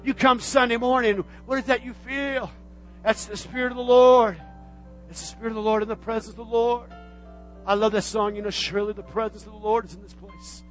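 A man preaching a sermon as pastor, repeating phrases and swinging between shouted exhortation and hushed, intimate speech. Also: high-pitched, fairly even intonation, a little fast, soft background music. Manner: repetitive, call-and-response preaching.

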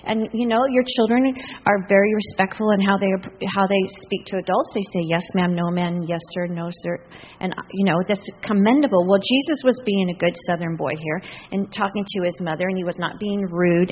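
A woman's voice: mid-range voice, fairly quick, few pauses. Older woman preaching in an echoing hall. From US Northwest. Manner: chatty and humorous, laughs often. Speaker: guest preacher. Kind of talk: sermon. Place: large church. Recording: distant, dull sound with long hall reverb.

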